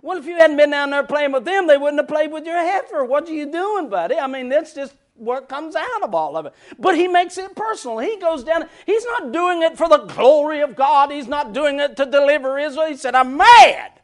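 A man preaching a sermon as pastor, impassioned, repeating phrases and building up to shouting. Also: extremely high pitch, expressive, a little fast, few pauses.

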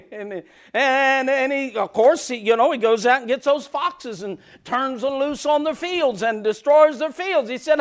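High-voiced male pastor preaching an impassioned sermon that swells into shouting. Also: normal speed. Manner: impassioned, builds to shouting, repeats phrases for emphasis.

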